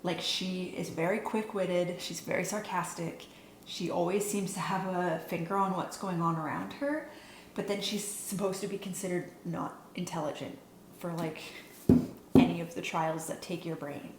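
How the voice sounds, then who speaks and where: A woman's voice: fairly low pitch, steady tone, normal speed. A young Western Canadian woman chatting casually and with strong opinions about books, laughing often and using lots of "like"s. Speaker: book vlogger. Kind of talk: casual chat. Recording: echoey room with faint background hum.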